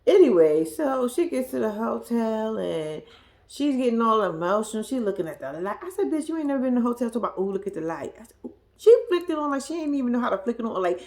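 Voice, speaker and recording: A woman's voice: on the high side, very animated, fast talker, a little mellow. A young woman giving a sassy, slangy recap of a reality show, mimicking the cast in squealing voices. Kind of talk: casual recap commentary.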